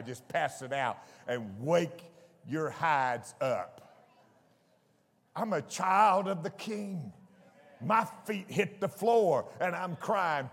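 A man preaching a fervent sermon to his church, shouting out exclamations. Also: fairly high pitch. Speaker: pastor. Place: church sanctuary. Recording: echoey church hall with congregation.

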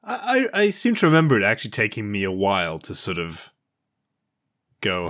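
A man with a low yet bright, lively voice co-hosts a casual podcast conversation. He muses hesitantly and laughs often between thoughts. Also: normal speed. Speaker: podcast co-host. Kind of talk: casual chat.

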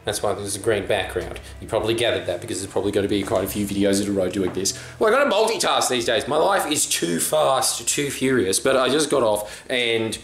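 A man's voice: medium pitch, normal speed, a bit bright, roomy sound. A young man, a stand-up comedian, talking in a brash, swearing, casual monologue. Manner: brash, swearing, acts out quoted voices. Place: room with green backdrop.

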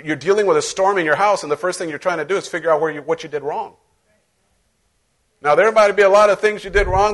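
A man's voice: fairly high pitch, fairly bright tone. A middle-aged male pastor preaching a sermon in a conversational, playful way, acting out little voices as he goes.

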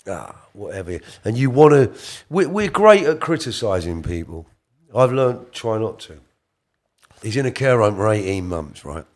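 Bloke, middle-aged, lowish voice, chatty and earnest, goes quiet then punchy. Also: male voice, sing-song, normal speed. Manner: colloquial, earnest, swings between soft and emphatic. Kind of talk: personal storytelling.

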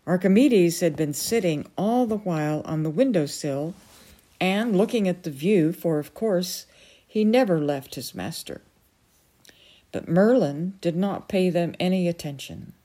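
Lady reading a novel aloud, slow and measured, warm dark tone. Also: lowish voice, animated. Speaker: storyteller.

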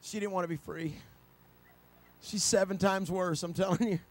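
A middle-aged male preacher giving a sermon, telling stories with frequent restarts and building to loud, high-pitched preaching. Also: steady tone, normal speed. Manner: storytelling, with repeated restarts.

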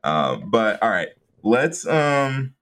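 A woman co-hosting a casual chat about a film, relaxed and steering to the next topic. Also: very deep voice, slow pace, background noise. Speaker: podcast co-host.

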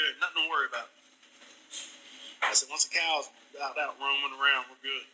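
Bright-voiced man telling stories. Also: mid-range voice, fairly even intonation, brisk, slightly rough, rough recording. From northwest Louisiana. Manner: folksy, drawling, retells dialogue with "I said" and "he goes". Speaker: guest. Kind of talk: casual storytelling in an interview.

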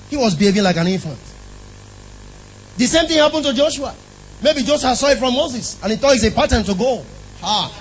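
High-voiced preacher giving a sermon. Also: male voice, lively intonation, fairly quick, pauses often, a little hiss or hum, rough recording. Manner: emphatic, asks the congregation questions.

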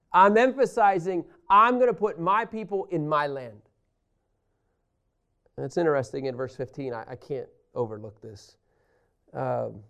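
Reading scripture aloud, this teacher explains the Bible passage in an animated, emphatic way aimed straight at his audience. He has a fairly high-pitched voice with a clear, resonant tone.

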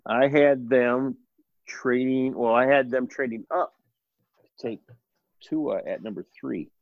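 A man's voice: medium pitch, slow, no room sound, narrow, tinny audio. A man co-hosting a casual podcast, talking hesitantly and restarting often. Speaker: podcast co-host. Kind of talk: casual chat.

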